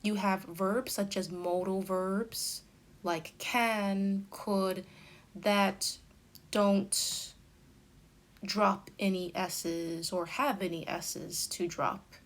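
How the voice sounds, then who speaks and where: A woman teaching an English grammar lesson at an unhurried pace. She lays out each example sentence with careful, deliberate emphasis, like a patient tutor. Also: mid-range voice, steady tone. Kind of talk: slow explanatory grammar lesson.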